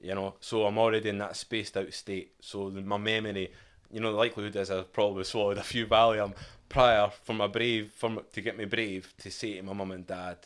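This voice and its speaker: Scottish man, low voice, candid storytelling. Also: flat delivery, fairly quick, hardly any pauses, a bit bright, clear, resonant tone. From Scotland. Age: 30s. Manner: candid, reflective, quotes his past self and family. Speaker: podcast guest. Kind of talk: casual storytelling interview.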